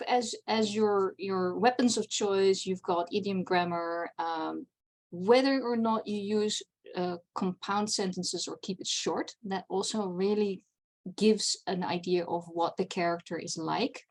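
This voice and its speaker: A woman's voice: medium pitch, measured pace. A woman, a non-native English speaker, giving a chatty convention panel talk on writing, with many fillers and restarts. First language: not English. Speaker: panel presenter.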